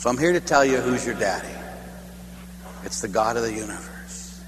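A man from Pittsburgh, a priest, preaching a sermon as animated, humorous storytelling, recorded in an echoey hall with a faint hum. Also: mid-range voice, fairly quick. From Pittsburgh, United States.

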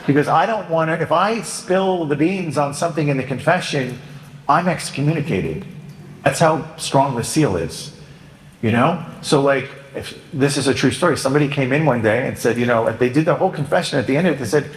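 A man's voice: fairly high pitch, animated, a little fast. Priest, male, conversational and joking, echoey church, faint ambient hum. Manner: conversational, joking, acts out penitents and himself. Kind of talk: sermon. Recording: echoey church with long reverb.

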